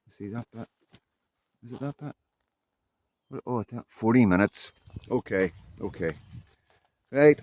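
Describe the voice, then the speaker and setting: A man's voice: medium pitch, a little slow, pauses often, a little mellow. Northern Irish man, fifties, blunt rambling vlogger talking into a phone outdoors. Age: 50s. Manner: rambling, candid, blunt, mild swearing. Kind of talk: casual monologue to camera. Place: outdoors on a muddy walk.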